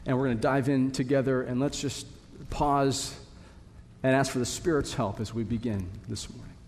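A man's voice: mid-range voice, steady tone, moderate pace, a little mellow, slight background noise. A man preaching a sermon to his congregation, earnest and building to emphatic repetition. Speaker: pastor. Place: church sanctuary. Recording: long reverb of a hall.

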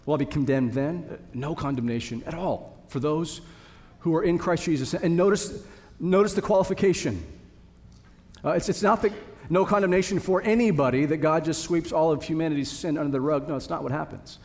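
In a church sanctuary with long hall reverb, a man preaches earnestly to his flock, building up to emphatic repetition. He is a pastor whose slightly high, darkish voice moves at a fairly quick clip.

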